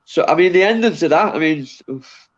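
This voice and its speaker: A man with a high voice speaks thoughtfully over a muffled, lo-fi call, often agreeing and padding his points with fillers. He sounds relaxed and reflective as he hosts the chat. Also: brisk. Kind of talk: casual chat.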